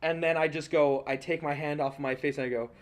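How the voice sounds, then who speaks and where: A young man hosting a podcast, telling a story in a casual, animated way, swearing often and laughing along. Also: on the high side, brisk, noisy background. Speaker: podcast host.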